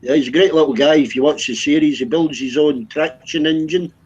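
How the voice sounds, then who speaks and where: A man chatting casually in a plain, slightly slow way over a line that breaks up. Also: fairly high pitch, a little mellow, breathy edge. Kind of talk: casual chat. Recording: dull breaking-up call line.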